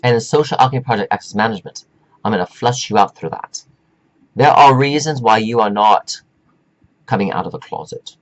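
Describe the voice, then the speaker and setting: A man with a lowish voice delivers a rambling spiritual pep talk straight to his viewers. He drags out key phrases for weight and wanders off on tangents. The sound is dull and lo-fi. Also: expressive. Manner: meandering and preachy, drawn-out emphatic phrases. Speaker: self-help speaker.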